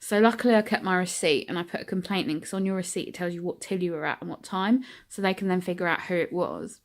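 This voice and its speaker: A woman's voice: lowish voice, quick pace. A British woman telling stories casually to her own camera as a vlogger, with frequent ums and likes. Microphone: camera she sets up herself.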